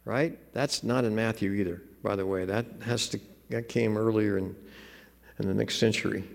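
A man preaching a sermon in a relaxed, conversational way, with joking asides. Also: on the low side, moderate pace, creaky, long reverb tail. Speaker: pastor.

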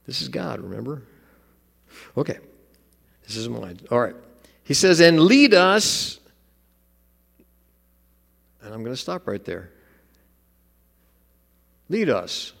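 Lively preacher in an echoing hall. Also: male voice, mid-range voice, unhurried, creaky, pauses often, husky. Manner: conversational, joking asides. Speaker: pastor. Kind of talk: sermon.

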